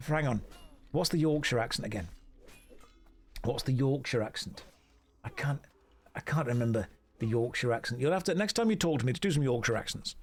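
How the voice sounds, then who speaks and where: A man's voice: mid-range voice, animated, a little fast, long pauses. A man streaming a video game who gives sarcastic, joking commentary and answers his live chat.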